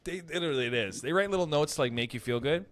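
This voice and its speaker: A man's voice: fairly high pitch, fast. A man co-hosting a podcast in casual chat, telling stories and jumping into quoted voices. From Canada. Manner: animated storyteller, slips into quoted voices. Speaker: podcast co-host.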